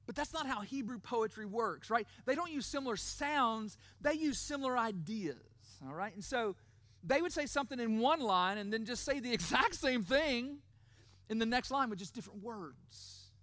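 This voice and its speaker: A middle-aged male pastor giving a sermon. He stresses key words, slows down to repeat them, and often checks in with "right?". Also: very high voice, lively intonation, a bit bright, dry recording. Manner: emphatic, repeats key words slowly, asks the crowd "right?".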